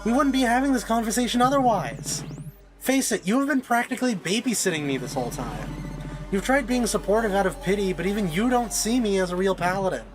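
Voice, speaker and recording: A woman's voice: mid-range voice, lively intonation, a little fast, over music, lightly acted, poor audio. A woman voicing an insecure young woman healer who wants to be a paladin, speaking in an upset, defensive way.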